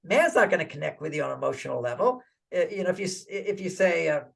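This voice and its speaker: An older man giving relationship advice in an interview, animated and acting out little quoted dialogues. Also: high voice, quick pace, vocal fry, few pauses. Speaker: relationship author and guest.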